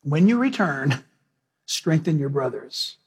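A man voicing a calm teacher who speaks softly and earnestly to reassure a friend. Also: a little high, slow, husky, pitched below the performer's own voice, full character voice. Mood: tender. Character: calm, tender male teacher giving reassurance.

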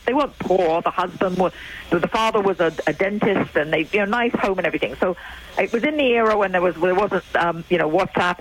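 A woman's voice: mid-range voice, background noise. An older woman from England, a guest speaking emphatically and telling stories in a chatty way on a phone line. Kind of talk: call-in radio talk.

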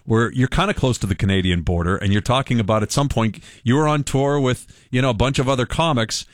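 A man's voice: mid-range voice, quick pace, no echo, clean studio sound. A man hosting a radio interview, chatting and promoting his guest. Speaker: radio host.

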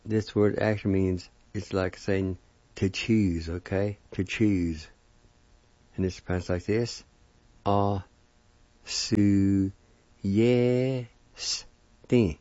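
Slow, low-voiced man teaching pronunciation. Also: flat delivery, mellow, no echo. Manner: spells words out and sounds syllables slowly. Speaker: language teacher. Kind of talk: slow spelling and pronunciation lesson. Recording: dull lo-fi recording.

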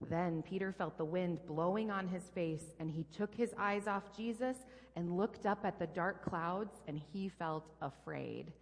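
A woman's voice: lowish voice, a little slow. Woman reading to kids in church, playful sound effects, big echoey room. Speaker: pastor leading a children's message. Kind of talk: storybook reading to a child. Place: church sanctuary. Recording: long reverb in a large hall.

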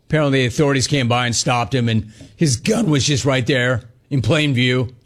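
A man hosting a sports talk radio show, delivering a sarcastic, mocking monologue with animated asides. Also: mid-range voice, brisk.

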